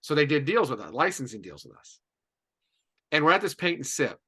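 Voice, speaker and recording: A man from Indiana, a podcast guest, telling a lively story with many "and, uh" fillers. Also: on the high side, a little fast, breathy edge. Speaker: podcast guest, business coach. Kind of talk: animated storytelling.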